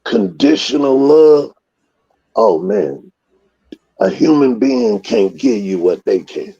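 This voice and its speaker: Gravelly man, profane storyteller. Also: fairly low pitch, sing-song, slow, muffled recording. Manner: profane, rambling storyteller who acts out scenes loudly. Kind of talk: casual storytelling.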